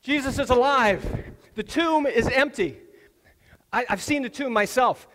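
A man's voice: high-pitched, expressive, normal speed, fairly bright tone, slight background noise. A man, a pastor, acting the Apostle John as an awed eyewitness in a church drama monologue, telling it earnestly with stammered restarts. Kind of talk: first-person dramatic monologue.

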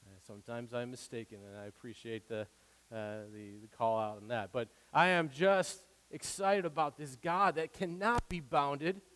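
Excitable preacher man in a reverberant hall. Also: a little high. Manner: excitable, swings from loud declarations to quiet asides. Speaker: pastor. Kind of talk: sermon.

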